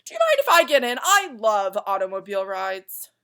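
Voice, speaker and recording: A woman voicing a gruff, impatient male watchdog in a storybook reading, loud and barking. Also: medium pitch, big pitch swings, moderate pace. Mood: eager. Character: grumpy ticking watchdog, male dog with clock body.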